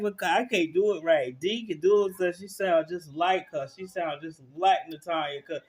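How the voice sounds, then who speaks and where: A man streamer giving casual live commentary, telling stories in animated slang. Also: on the high side, moderate pace. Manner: animated storytelling, slangy, laughs through stories. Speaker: streamer reacting to clips.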